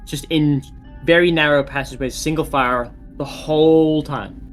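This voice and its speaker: A man's voice: fairly high pitch, steady tone, moderate pace, soft background music. A man narrating as dungeon master in a tabletop game, talking with many restarts and fillers.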